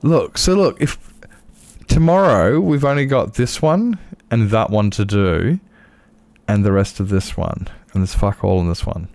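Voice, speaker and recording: A man's voice: fairly low pitch, a little slow, darkish tone, no echo. An Australian man streaming a game, chatting casually and rambling in a self-mocking way with his viewers. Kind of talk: casual live-stream chat while playing.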